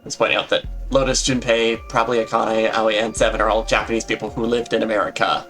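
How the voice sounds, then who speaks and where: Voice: mid-range voice, flat delivery, quick pace, a bit bright, faint music behind. A podcast co-host chatting about a game and reading out viewer comments. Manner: easygoing, reads chat aloud. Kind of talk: let's-play podcast chat.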